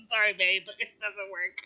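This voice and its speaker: A woman's voice: medium pitch, measured pace, dull audio, over a noisy crowd. A woman streaming a game and chatting casually, telling stories animatedly and acting out scenes. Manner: animated storyteller, acts out scenes with loud squeals. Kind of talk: casual gaming stream chat.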